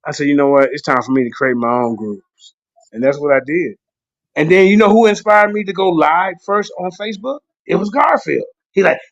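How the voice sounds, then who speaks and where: High-voiced man, casual rambling livestream guest, dull lo-fi dry sound. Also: vocal fry, dry recording. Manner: rambling, laughs often, jumps into high excited voices when quoting himself. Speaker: guest on a livestream talk show. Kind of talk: casual chat. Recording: dull lo-fi stream audio.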